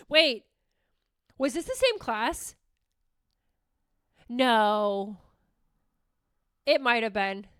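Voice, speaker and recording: A young woman hosting a podcast, telling stories in a casual, animated, self-mocking way and swearing freely. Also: a little high, extremely slow, long pauses, clean tone, no echo, clean studio sound. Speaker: podcast host. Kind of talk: casual storytelling monologue.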